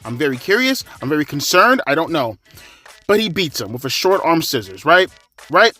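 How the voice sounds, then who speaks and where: A man's voice: on the high side, very animated, moderate pace, soft background music. Exasperated man ranting, swearing freely. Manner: profane, exasperated, swings from mutters to yells. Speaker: wrestling show reviewer. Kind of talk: ranting commentary vlog.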